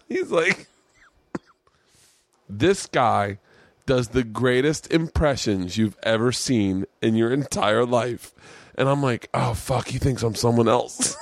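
A man's voice: medium pitch, lively intonation, moderate pace, dry recording. A man hosting his podcast, telling a long story in a loose, profane, rambling way. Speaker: podcast host. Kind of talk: casual storytelling chat.

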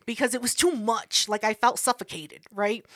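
Bright, high-voiced woman telling a story. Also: moderate pace, no room sound, studio quality. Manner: animated storyteller, profane, acts out quotes. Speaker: podcast co-host. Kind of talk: casual chat.

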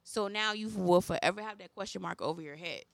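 A woman's voice: mid-range voice, a little fast, gravelly, dry recording. A woman co-hosting a podcast in casual chat, musing through her point. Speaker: podcast co-host.

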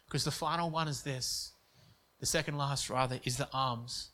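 A man's voice: medium pitch, fairly even intonation, moderate pace, bright, forceful tone. A young man preaching, telling a story in an earnest way with frequent restarts. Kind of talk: sermon story.

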